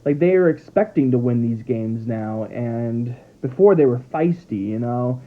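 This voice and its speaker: A man's voice: medium pitch, measured pace. Rambling man with tinny phone-like sound. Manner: rambling, animated, trips over words. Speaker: sports vlogger. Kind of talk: casual football commentary. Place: at home with his dogs.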